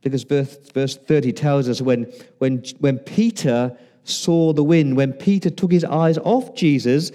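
A man's voice: mid-range voice, dark tone. A man preaching a sermon in a conversational way, asking the listeners questions and acting out quoted lines. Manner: conversational preaching with rhetorical questions and dramatic pauses; acts out quoted lines in varied voices. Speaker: pastor.

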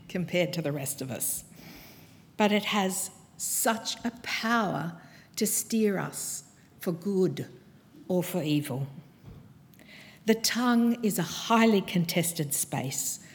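A woman preaching a sermon to her church, with a measured, earnest delivery and pointed pauses. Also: medium pitch. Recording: long hall reverb from a church.

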